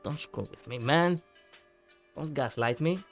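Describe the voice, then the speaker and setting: A man's voice: on the high side, unhurried, soft background music. A man chatting casually on a live stream, rambling and reacting to viewers with many fillers.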